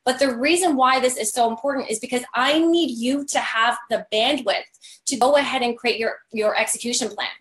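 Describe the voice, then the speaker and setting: A woman's voice: a little high, a little fast, fairly bright tone, reverberant. A woman coaching business owners in a chatty live tutorial, full of "like" and "right?", while losing her voice. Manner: chatty, filler-heavy, keeps asking "right?". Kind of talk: live-streamed scheduling tutorial.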